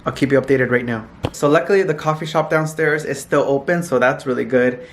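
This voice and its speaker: A young man from California chatting casually to his phone camera in a hotel, animated and laughing often. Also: medium pitch, brisk, a little hiss or hum. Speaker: vlogger. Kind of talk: casual vlog chat to camera.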